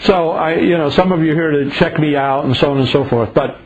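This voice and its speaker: An older man preaching an informal sermon to a small group, animated and sarcastic, acting out the voices of his critics. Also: on the high side, brisk, slightly rough. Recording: dull lo-fi recording.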